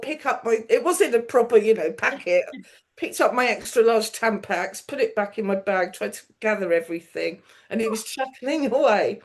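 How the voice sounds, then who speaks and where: A woman's voice: on the high side, lively intonation, moderate pace. A middle-aged woman, a television producer on as a guest, telling anecdotes in a casual chat, laughing often and acting out the people she quotes.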